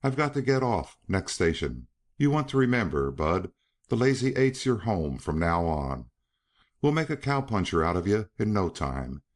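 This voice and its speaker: A man's voice: low voice, very animated, normal speed. A man voicing a blunt older cowman who talks in a whimsical, folksy drawl. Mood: encouraging. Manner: drawling, folksy frontier talk.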